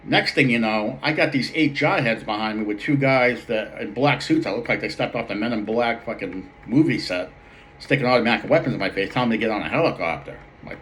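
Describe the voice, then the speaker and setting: A man's voice: mid-range voice, brisk, a bit bright, a little hiss or hum. A young man with a Boston accent telling a rambling, profane barroom story as a comic character monologue. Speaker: comedic storyteller.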